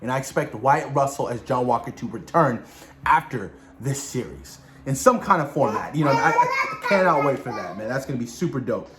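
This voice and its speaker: A man hosting a casual spoiler discussion of a TV episode, talking excitedly in slang straight to his viewers. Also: medium pitch, moderate pace. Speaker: video host reviewing a TV episode.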